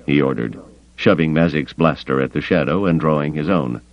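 Deep-voiced man narrating a story. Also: normal speed, gravelly. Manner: expressive, switches into character voices. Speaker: audiobook narrator. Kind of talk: scripted narration. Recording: dull lo-fi recording.

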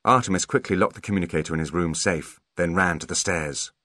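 A man narrating an audiobook in a measured, expressive storytelling manner. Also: low voice, no echo, clean studio sound. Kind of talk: scripted narration.

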